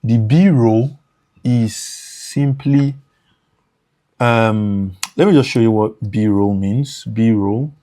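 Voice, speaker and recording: Guy walking thru an editing tutorial real slow, dark mellow voice, keeps repeating himself. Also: on the low side. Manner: slow, repeats points, thinks aloud. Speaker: motion design tutor. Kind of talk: screen-recorded tutorial.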